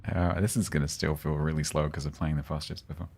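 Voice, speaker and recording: A man streaming live gameplay and commenting as he plays, chatty and breaking into sudden excited exclamations. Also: very deep voice, quick pace, creaky. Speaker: game streamer.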